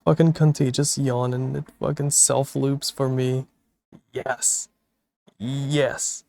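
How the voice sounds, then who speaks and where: Slow, creaky and mellow, this man's medium-pitched voice shows little pitch movement as he streams drowsily late at night. He sits at a home setup chatting casually, cursing and laughing often, on a dry recording from a desktop microphone through a mixer.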